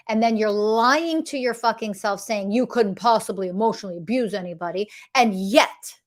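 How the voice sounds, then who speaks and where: A woman's voice: mid-range voice, normal speed, hardly any pauses. A middle-aged woman delivering an impassioned, confrontational monologue as a podcast host, swearing freely. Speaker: podcast host, emotional health coach.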